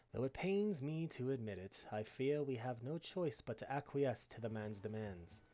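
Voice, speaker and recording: Here is a resolute female mage who talks in slow, formal, earnest lines, as a man puts her on. The pitch sits mid-range, and the recording is dull and lo-fi. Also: expressive, warm tone, close to an everyday voice. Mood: resigned. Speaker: streamer reading game dialogue.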